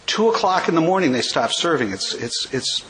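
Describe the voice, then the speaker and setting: A man's voice: fairly high pitch, very animated, a bit bright, a little hiss or hum, rough recording. A man in his sixties from California, giving a wry, joke-filled recovery talk as a speaker at a large gathering. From California, USA. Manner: wry storyteller, quick jokes. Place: convention hall.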